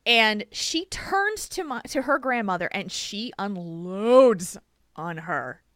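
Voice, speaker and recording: Bright, emphatic woman podcast host. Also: medium pitch, takes it slowly, no echo. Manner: animated, emphatic, laughs often. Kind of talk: casual chat, storytelling.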